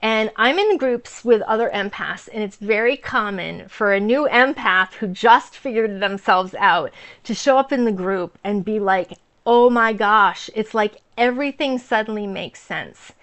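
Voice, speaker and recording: A woman's voice: medium pitch, moderate pace, a bit bright. A woman in her forties telling a heartfelt personal story in a casual vlog, earnest and emotional, with frequent fillers and restarts. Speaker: vlogger sharing personal stories.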